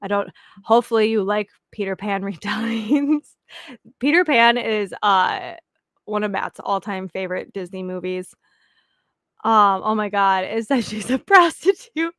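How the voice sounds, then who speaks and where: A woman's voice: mid-range voice, measured pace, fairly bright tone, no echo, clean studio sound. A young woman chatting casually with viewers as the host of a reading sprint stream, rambling and giggling with lots of fillers.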